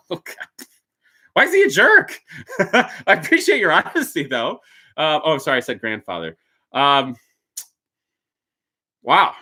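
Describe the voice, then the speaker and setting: A man's voice: medium pitch, pushed and bright. A man hosting a live stream, reading and answering viewer questions in a blunt, joking way, laughing often and dropping into muttered asides. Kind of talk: casual live-stream chat.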